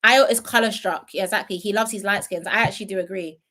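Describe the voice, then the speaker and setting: A woman's voice: mid-range voice, fairly even intonation, quick pace, pushed and bright. A young woman casually chatting on a live stream, reading viewer comments with playful asides, frequent laughs and trailing ums. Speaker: reality show commentator.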